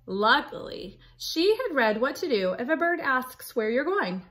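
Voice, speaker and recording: A woman reading a picture book aloud to children in a slow, animated storytelling voice. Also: high voice. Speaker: storybook reader.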